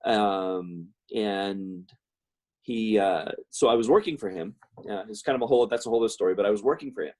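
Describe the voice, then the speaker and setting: A man's voice: on the low side, brisk, darkish tone. A middle-aged man telling a personal story in a rambling way, with many fillers and restarts. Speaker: guest speaker.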